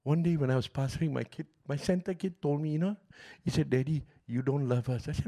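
A middle-aged man preaching a sermon as pastor, telling stories passionately and swinging from loud outbursts to hushed, quiet lines. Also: a little high, fast talker, hardly any pauses.

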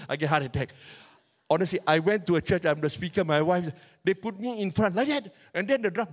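A middle-aged male pastor preaching a sermon in a lively, conversational way, with humor and spoken sound effects. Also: high-pitched, quick pace.

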